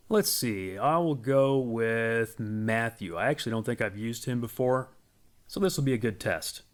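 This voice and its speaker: A man giving a casual, explanatory walkthrough of a software product on screen. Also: medium pitch. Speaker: software demo presenter.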